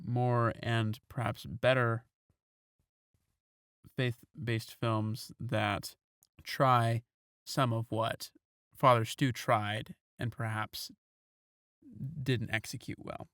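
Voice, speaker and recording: A man's voice: medium pitch, little pitch movement, extremely slow, fairly bright tone, clean tone. Brief: playful teasing male co-host, dry un-roomy recording. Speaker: podcast co-host. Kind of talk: casual podcast banter.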